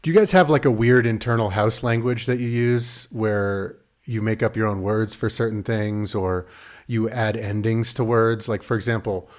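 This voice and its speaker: A man in his thirties, a podcast co-host chatting casually and rambling, now and then putting on lively voices. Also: on the low side, normal speed. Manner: rambling, does animated voices of his kids. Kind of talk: casual chat.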